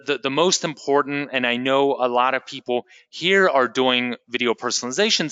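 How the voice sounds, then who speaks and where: Energetic guy teaching a webinar, smooth clear voice, hyped sales pitch, dry sound. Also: dry recording. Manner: enthusiastic, salesy, talks straight to the audience. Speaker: webinar presenter.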